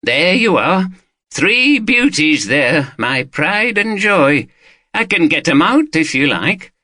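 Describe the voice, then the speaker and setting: A man's voice: on the high side, big pitch swings, slow, bright, forceful tone, no echo, clean studio sound, voice pushed up, heavily acted. A man voicing a blunt, chatty middle-aged man, speaking in clipped sentences. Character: gruff middle-aged Yorkshire man, proud gun owner.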